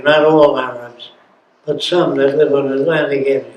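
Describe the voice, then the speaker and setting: A man's voice: fairly high pitch, flat delivery, normal speed, a little mellow. A man in his nineties, an interview guest, tells stories emphatically and keeps asking the listener rhetorical questions. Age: over 90. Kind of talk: storytelling in an interview. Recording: roomy with faint noise.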